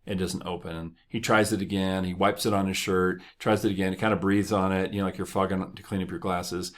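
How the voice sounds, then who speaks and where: A man with a fairly low voice hosts a motivational podcast. He talks in a loose, conversational way, tosses in asides, and laughs at his own stories. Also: flat delivery, brisk. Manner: conversational, joking, laughs often. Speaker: podcast host.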